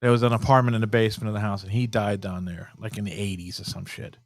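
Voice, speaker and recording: A man's voice: on the low side, quick pace, no echo. A man telling a story in a casual podcast chat, rambling and swearing a lot. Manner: profane, rambling, animated storyteller. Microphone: podcast studio mic.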